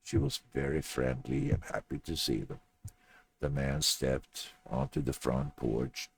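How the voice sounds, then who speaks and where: A man reading a story aloud in a plain, steady audiobook narration, with a gravelly voice. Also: rumbling low, measured pace, a little hiss or hum.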